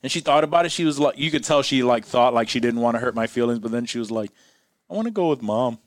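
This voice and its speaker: A man in casual chat, telling relaxed stories about his kids with many restarts. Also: medium pitch, quick pace, no room sound, clean studio sound. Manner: laid-back storytelling with frequent restarts and quoted dialogue.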